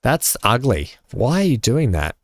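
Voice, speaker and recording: Very animated yet a little slow, a man with a medium-pitched voice streams a building game live. He casually talks with viewers and reads chat, using many filler words.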